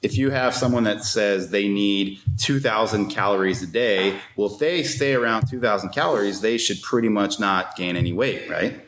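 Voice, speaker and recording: A man with a very low voice talks as a guest on a podcast, explaining nutrition ideas with emphasis. He restarts often and drops in rhetorical questions. The recording has a noticeable roomy echo. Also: normal speed, hardly any pauses, fairly bright tone. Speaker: strength and conditioning coach, guest. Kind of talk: casual podcast conversation.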